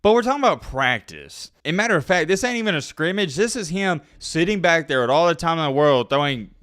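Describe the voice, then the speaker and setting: A man's voice: fairly high pitch, expressive, brisk, fairly bright tone, dry recording, studio quality. A young man giving an emphatic, sarcastic sports opinion rant straight to his viewers. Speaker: sports commentary YouTuber. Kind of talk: energetic opinion rant to camera.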